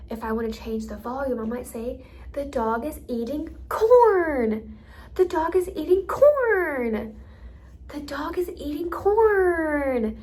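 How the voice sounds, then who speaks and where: A woman's voice: on the high side, a little mellow, slight background noise. A woman teaching speech and listening strategies in a casual, explanatory way, with many ums and you-knows. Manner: chatty, many fillers like um and you know. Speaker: hearing therapy educator. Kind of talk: instructional explanation with modeled examples.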